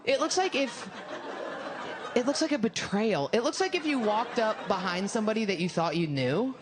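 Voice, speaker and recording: A woman's voice: fairly high pitch, lively intonation, moderate pace, a crowd in the background. Rambling, crude woman doing stand-up. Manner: rambling, self-interrupting, crude storytelling. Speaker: stand-up comedian. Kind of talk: stand-up routine. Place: comedy club stage with live audience. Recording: live club recording with audience noise.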